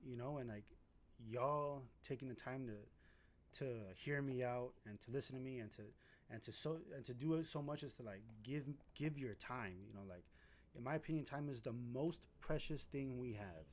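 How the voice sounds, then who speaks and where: A man in his thirties speaking earnestly and reflectively, choosing his words with care. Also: mid-range voice. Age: 30s. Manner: earnest, measured, searching for words. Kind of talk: heartfelt reflective talk.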